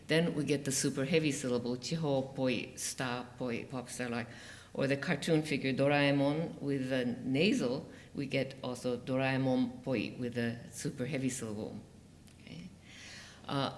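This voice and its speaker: A conference presenter giving an academic talk in a university lecture room, speaking in a measured, explanatory way with frequent um and uh fillers. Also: mid-range voice, slight background noise. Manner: explanatory, spells out examples.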